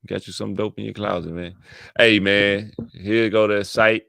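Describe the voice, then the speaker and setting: A man's voice: lowish voice, fairly even intonation, moderate pace, gravelly. A man hosting his own channel, talking in a casual, rambling monologue full of slang, repeating himself and hyping things up playfully. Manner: slangy, repetitive, playful hype. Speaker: channel host.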